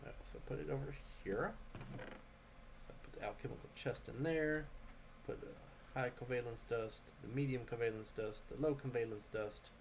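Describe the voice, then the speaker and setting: A man's voice: mid-range voice, moderate pace, gravelly. An American man in a middle register talks loosely on a live game stream, reading out viewer questions and describing each move as he makes it. His tone stays easygoing and chatty, with a faint hiss sitting under the recording. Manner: relaxed, chatty, reads out viewer questions, narrates actions. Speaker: streamer host. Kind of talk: casual live-stream chat while gaming.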